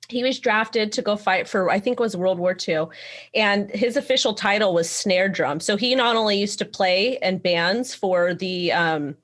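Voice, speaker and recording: A woman's voice: mid-range voice, moderate pace, a bit bright. A woman co-hosting a casual live stream, telling rambling stories with restarts and frequent giggles. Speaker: co-host.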